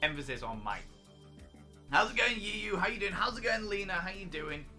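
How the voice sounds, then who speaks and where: Bright, animated man telling stories. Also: high-pitched, a little fast, soft background music. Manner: animated storyteller, swears freely, bursts into laughter. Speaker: streamer host. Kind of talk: casual livestream chat.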